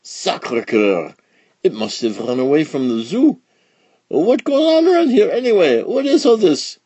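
A man reading aloud and voicing an excitable, frantic mailman in a storybook. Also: medium pitch, a little slow, breathy edge, no room sound. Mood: bewildered. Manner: excitable, exclamatory.

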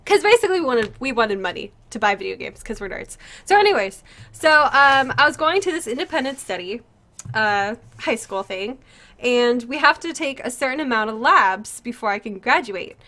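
A woman's voice: on the high side, expressive, moderate pace, bright, forceful tone. A young woman livestreamer telling a story in casual chat, full of fillers and breaking off to answer her viewers.

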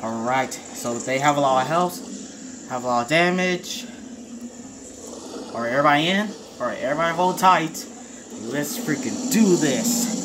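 A woman giving excitable live commentary on her game, shouting and pleading at the screen. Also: deep voice, moderate pace, noisy background. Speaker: gamer.

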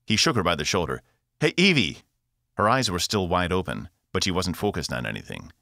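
A man, the author, narrating his own science fiction audiobook with expressive delivery. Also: deep voice, fast, gravelly, no room sound, clean studio sound. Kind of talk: scripted narration.

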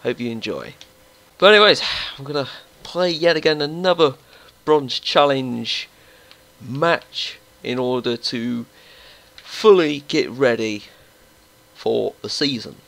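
A man's voice: mid-range voice, slow, gravelly, dry recording, poor audio. Young man commenting on a football game. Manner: excitable, talks to his players. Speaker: gaming YouTuber. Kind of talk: casual gameplay commentary. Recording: faint background music.

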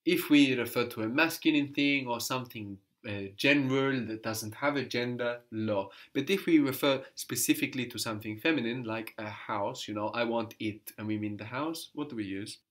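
A man's voice: medium pitch, moderate pace, few pauses. A man teaching a language lesson, patiently prompting a student and repeating her answers.

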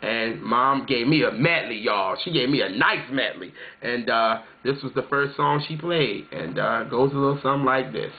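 With a mid-range voice, lively intonation and few pauses at normal speed, this South Carolina music vlogger rambles through a casual story for his viewers. "You know what I'm saying" comes up often, and the sound is tinny, like a phone.

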